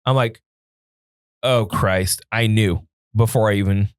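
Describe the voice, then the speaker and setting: A man's voice: lowish voice, unhurried, clear, resonant tone, no room sound, studio quality. A man co-hosting a podcast, telling a story in casual chat, jumping in and doing voices. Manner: animated, does voices and interrupts. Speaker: podcast co-host.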